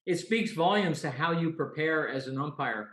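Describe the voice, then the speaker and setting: A man's voice: a little high, lively intonation, normal speed, fairly bright tone. A man hosting a casual chat, agreeable and chiming in with short remarks. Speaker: podcast host. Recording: roomy echo.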